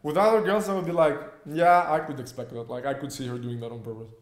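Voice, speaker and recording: Guest, young man, animated casual storyteller. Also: on the high side, quick pace. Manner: animated, swearing freely.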